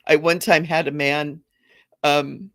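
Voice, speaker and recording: A woman's voice: low-pitched, little pitch movement, takes it slowly, fairly bright tone, no echo, studio quality. A woman hosting a casual spiritual livestream chat, bubbly, laughing often and repeating phrases for emphasis. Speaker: spiritual talk show host.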